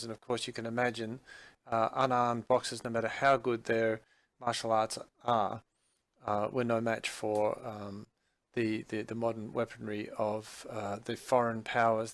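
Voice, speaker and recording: A man's voice: mid-range voice, dry recording. Man teaching vocabulary, dry close sound. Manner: unhurried, many fillers and restarts while explaining. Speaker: Chinese language teacher. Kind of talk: recorded vocabulary lesson.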